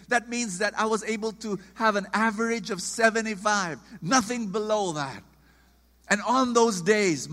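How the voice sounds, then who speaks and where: A man preaching a sermon, emphatic and animated, acting out quoted voices. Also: high-pitched, long reverb tail.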